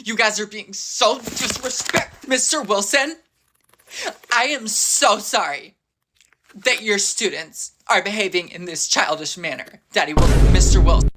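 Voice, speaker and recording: A woman's voice: mid-range voice, measured pace. Prim woman mock-scolding in a skit, noise behind her. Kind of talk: comedy skit. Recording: noisy background.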